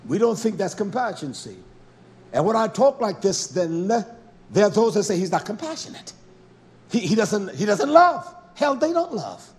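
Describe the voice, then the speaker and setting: Fiery high-voiced male preacher. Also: very animated, moderate pace. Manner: swings from low mutters to loud, rising exhortation; blunt, scolding, with mild cursing. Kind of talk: fiery sermon.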